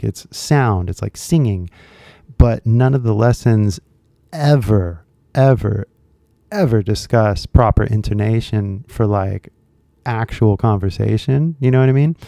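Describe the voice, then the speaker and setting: A man's voice: on the low side, gravelly, dark tone, no echo. A young man teaching English in a casual, rambling spoken lesson, full of fillers and asides. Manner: chatty, rambling, lots of fillers.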